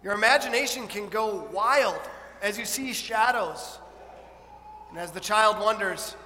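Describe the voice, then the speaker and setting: A man preaching as pastor, with animated storytelling that acts out a frightened child. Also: sits high, normal speed, in a large hall. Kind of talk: sermon. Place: church.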